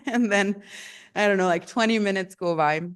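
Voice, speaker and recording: A woman's voice: mid-range voice, moderate pace, smooth. A woman telling a story in a chatty, casual way, laughing often and using many fillers.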